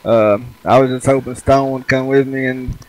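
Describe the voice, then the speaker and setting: A man's voice: mid-range voice, fairly even intonation, normal speed, rough recording. A man, a race driver talking about his race in a casual, rambling way.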